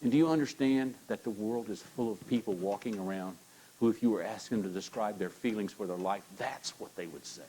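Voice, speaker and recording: A male pastor delivers a sermon. He coaxes his listeners into repeating lines after him and pushes them with playful, animated encouragement. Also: on the low side, fairly quick, husky, rough recording. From United States.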